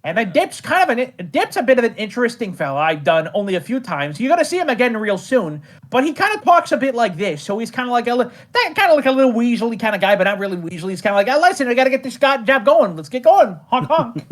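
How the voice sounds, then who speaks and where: A man who creates and voices an animated show, chatting casually in an interview, rambling, laughing often and poking fun at himself. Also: very high voice, fast talker, few pauses.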